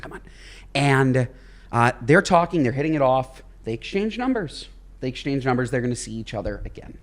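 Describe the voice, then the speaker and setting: Man co-host, mid-pitched, swings up and down, theatrical storyteller. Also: animated, moderate pace. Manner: playful mock outrage, dramatic storyteller. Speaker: podcast co-host. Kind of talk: casual chat, storytelling.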